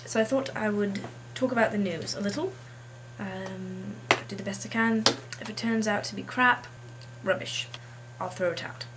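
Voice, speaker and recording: A woman's voice: mid-range voice, steady tone, normal speed, noisy background. A woman vlogger chatting in a put-on English accent, snarky and hesitant, with lots of ums and uhs. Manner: snarky, hesitant with many fillers. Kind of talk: casual monologue.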